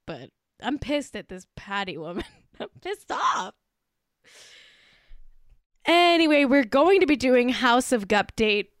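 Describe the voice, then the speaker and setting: A woman hosting a casual podcast, ranting in a profane, excitable and mock-outraged way. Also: mid-range voice, smooth, dry recording, clean studio sound. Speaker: podcast host.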